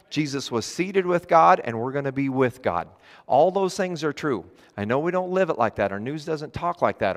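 A male pastor preaching a sermon, reading scripture and adding chuckling, conversational asides. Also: medium pitch. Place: church sanctuary. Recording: long church reverb.

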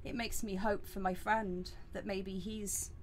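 A woman's voice: mid-range voice, level tone, measured pace, slight background noise, natural voice. Woman doing an earnest male villager in a tabletop game, polite, hesitant, pleading. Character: earnest male villager seeking his friend.

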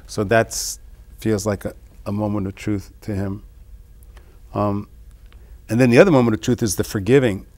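Low-voiced man musing over song lyrics. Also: fairly even intonation, darkish tone. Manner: musing, reads lyrics then explains them; halting, many restarts. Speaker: songwriter discussing his lyrics. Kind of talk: reflective interview talk.

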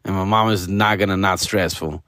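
A man's voice: deep voice, steady tone, normal speed, fairly bright tone, no echo, studio quality. A male comedian hosting a podcast, telling a story in a rambling, profane way, peppering it with Spanish slang. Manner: rambling, restarts often.

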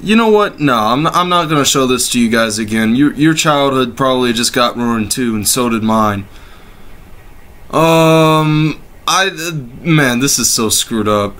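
A man's voice: medium pitch, lively intonation, unhurried, a bit bright. A man hosting comedic meme reactions, exclaiming and laughing in disbelief, sarcastic and swearing freely.

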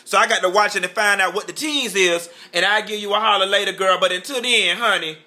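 A man with a high voice and a sharp, piercing edge delivers campy celebrity gossip commentary. He talks in a sassy, drawling way, full of "honey" and "child," and throws shade at the people he is talking about. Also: fairly quick, few pauses.

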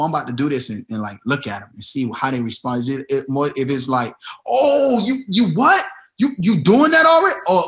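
A man's voice: on the high side, fairly bright tone. A man hosting a casual business talk, giving advice in an emphatic style and repeating himself for emphasis. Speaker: host.

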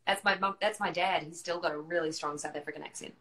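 A woman's voice: fairly low pitch, fairly even intonation, fast, crowd noise, poor audio. A woman with a New Zealand accent, chatting as a guest on a live video call, self-deprecating and given to trailing off mid-sentence. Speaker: guest actor. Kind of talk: casual chat on a live video stream. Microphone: video call on a phone or laptop.

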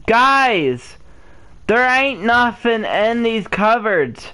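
Woman gamer, let's-play commentary, frustrated, pleading, slow, very lively pitch. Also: clear, resonant tone. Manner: frustrated, whiny, pleading with viewers.

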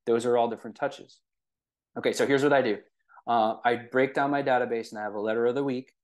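A man's voice: mid-range voice, steady tone, quick pace. A man leading a real estate training in a casual, conversational way, often checking in with the listeners. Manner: conversational, with frequent fillers and rhetorical "right?".

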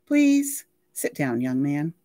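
Brisk motherly crew lady, a woman doing the voice, kinda bossy, dry recording. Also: deep voice, very animated, warm tone, no room sound, full character voice. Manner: fussy, bossy, kindly.

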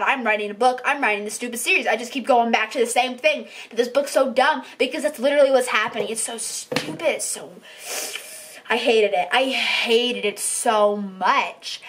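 Fed-up woman book vlogger with a fairly high voice, ranting and repeating herself. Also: slight background noise. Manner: exasperated, repeats herself, swings loud and soft. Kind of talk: ranting book review vlog.

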